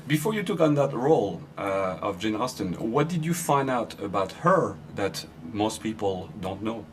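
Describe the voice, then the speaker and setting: Man, French accent, interviewer, slightly low voice, halting, off-mic. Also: sing-song, recorded from a distance, slight background noise. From France. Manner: halting, searching for English words. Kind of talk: interview questions.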